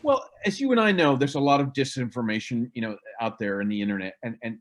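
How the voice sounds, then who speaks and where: Middle-aged man, guest historian; animated, wide-ranging pitch, mocking tone in a casual chat. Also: fast talker. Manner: animated, mocking impressions of others. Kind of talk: casual podcast conversation.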